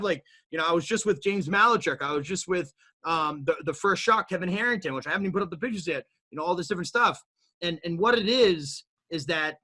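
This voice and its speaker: A guest entrepreneur being interviewed tells his story in an animated, motivational way that builds to emphatic peaks. His voice is on the high side, and he often repeats words and restarts.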